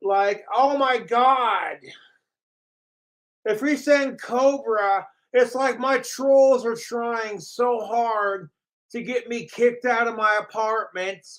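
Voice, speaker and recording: Slow-talking man ranting with profanity. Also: very high voice, a bit bright, poor audio. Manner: profane, mocking, laughing at his trolls. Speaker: vlogger. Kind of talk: casual ranting to camera.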